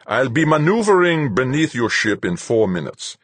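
A man voicing a bleak, somber male commander speaking slowly and ominously. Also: medium pitch, sing-song, no echo, voice pushed up.

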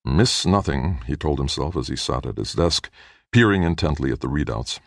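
A man narrating an audiobook in a measured way, lifting his voice a little for the characters' lines. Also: animated, creaky, dry recording, clean studio sound. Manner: measured, lightly voices characters with a raised pitch. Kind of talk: scripted narration.

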